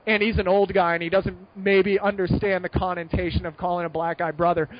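A young American man telling a long story in a casual podcast chat, rambling and animated, with many fillers and restarts. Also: high-pitched, brisk, lo-fi sound, noisy background. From United States. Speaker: guest.

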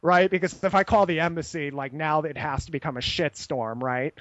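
Profane, rambling high-voiced man. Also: a little fast, a bit bright, no room sound, muffled recording. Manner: rambling, profane, tags lines with "right?"; acts out voices of people in his story. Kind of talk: casual anecdote telling.

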